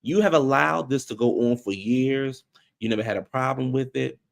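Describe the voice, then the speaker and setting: A man giving casual, blunt recap commentary on a reality show, animated and slangy. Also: moderate pace, gravelly. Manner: animated, acts out quotes in high voices.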